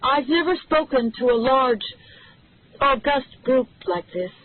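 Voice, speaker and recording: A woman's voice: a little high, moderate pace, husky, pitched above the performer's own voice. A reader voicing a nervous, earnest young woman who speaks hesitantly, heard through tinny audio.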